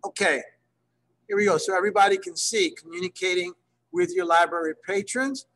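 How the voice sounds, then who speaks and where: A man teaching library staff in an online workshop, checking in often with his class and slowing down to model phrases. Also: high voice, a bit bright, poor audio. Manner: checks in often, gives examples slowly. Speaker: Spanish instructor for library staff.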